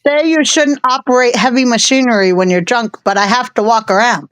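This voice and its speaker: A woman's voice: on the high side, brisk, a bit bright, clean tone, poor audio. A woman chatting casually on a live stream, joking bluntly and laughing often. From Italian-American. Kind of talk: casual chat.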